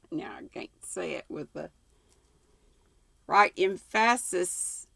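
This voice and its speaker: Slow, gravelly, folksy Southern woman. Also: lowish voice, pushed and bright, dry recording. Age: older. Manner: homey, folksy. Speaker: host reading a novel aloud. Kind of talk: audiobook reading and casual sign-off.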